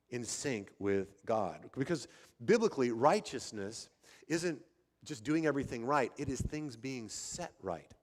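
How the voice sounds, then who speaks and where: An older man preaching a sermon in a conversational, animated way, often restarting his sentences. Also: medium pitch. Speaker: pastor. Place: church sanctuary. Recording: long hall reverb.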